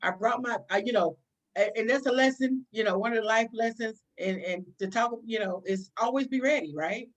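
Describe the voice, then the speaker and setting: Middle-aged woman, police chief guest on a talk show, kinda high voice, tells her story lively, restarts a lot. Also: brisk. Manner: animated storyteller, acts out dialogue, frequent restarts. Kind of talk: telling a career story in a talk show interview.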